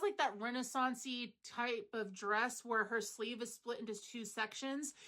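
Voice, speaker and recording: A woman's voice: a little high, bright, forceful tone. A woman hosting a crochet channel, rambling in casual, meandering chat full of fillers, at home. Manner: chatty, meandering, lots of fillers.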